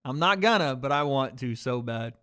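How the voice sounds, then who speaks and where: A man with a mid-range voice streams live, ranting at his chat while reacting to a football game. His intonation is lively and his speed normal, but his tone is sharp, and he swears heavily as he snaps back at viewers in frustration and anger.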